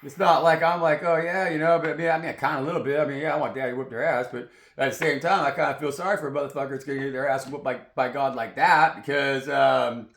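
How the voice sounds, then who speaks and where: Man, tarot reader, rambling and preachy, swears a lot, gravelly voice, roomy echo. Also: fairly high pitch, a bit bright. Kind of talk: rambling spiritual monologue. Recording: roomy echoey sound.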